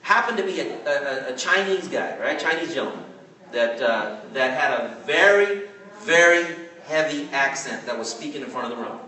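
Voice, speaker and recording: Bright-voiced man in a booming hall. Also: normal speed. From California. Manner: chatty, animated, asks "right?" often, laughs as he talks. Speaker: network marketing trainer. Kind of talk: storytelling training talk. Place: large hall with an audience. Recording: very echoey hall, mic far off.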